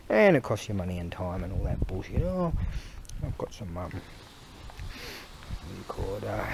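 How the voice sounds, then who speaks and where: Walking along a street, a male podcast host rambles in a casual monologue, grumbling, swearing a lot, and laughing often. His voice is lowish, and traffic noise from passing vehicles fills the background.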